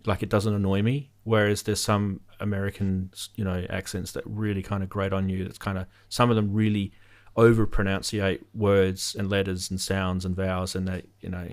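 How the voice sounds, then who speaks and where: Relaxed male host, low and gravelly, easygoing conversational tone. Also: moderate pace. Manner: relaxed, agreeable, lots of yeah. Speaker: host of a synthesizer channel. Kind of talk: casual chat.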